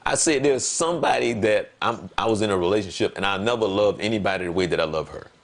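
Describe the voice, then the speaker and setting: A man in relaxed conversation on a talk show, telling a personal story. He leans on words and repeats them for emphasis. When he acts out what he said, his voice leaps up animatedly. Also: fairly low pitch, fast. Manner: animated, voice jumps up when quoting himself. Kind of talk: casual conversation.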